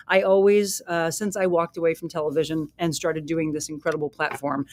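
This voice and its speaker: A woman's voice: fairly low pitch, no echo. Chatty woman podcast host, dry sound. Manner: chatty, anecdotal, asides to listeners. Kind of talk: casual storytelling monologue.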